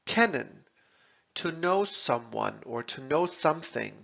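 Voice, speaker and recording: A man narrating a scripted language lesson, deliberately sounding out German words and their translations, in a dull lo-fi recording. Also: medium pitch, big pitch swings, vocal fry, bright, forceful tone. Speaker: language teacher.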